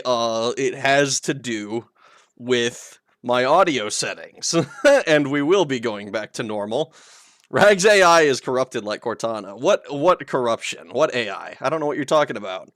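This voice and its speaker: A man's voice: mid-range voice, a bit bright, dry recording, studio quality. A man streaming live in a playful, teasing way, reading chat aloud and laughing often.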